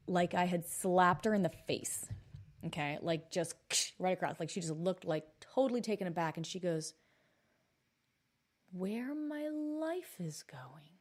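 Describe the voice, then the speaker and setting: Woman in her thirties, podcast host, storytelling monologue, blunt, swears for emphasis, low-pitched voice. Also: a little mellow.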